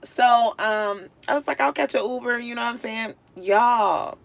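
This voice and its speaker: Woman, high voice, gravelly edge, live stream, animated storyteller. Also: unhurried. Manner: animated, swings from low mutters to loud exasperated outbursts. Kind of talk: casual storytelling to viewers.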